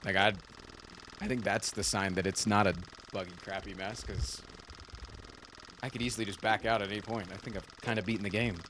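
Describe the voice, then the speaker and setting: A man hosting a live stream in a relaxed, slangy chat. His voice sits slightly low, and a faint ambient hum is heard behind him. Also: brisk. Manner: laid-back, slangy. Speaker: streamer host.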